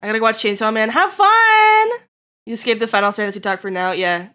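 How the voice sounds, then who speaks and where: A bright, high-pitched young woman chats with her stream audience. She laughs often and slips into playful mock-angry rants with a sharp, ringing tone, swearing freely. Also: expressive, fast talker, slight background noise. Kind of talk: casual live-stream chat with viewers.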